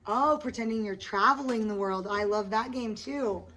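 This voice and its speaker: A woman with a fairly high, slightly bright voice speaks at normal speed. She's an elementary school teacher taking a small group of young children through a lesson, praising them often and staying patient and encouraging. The recording captures a noisy classroom of chattering children.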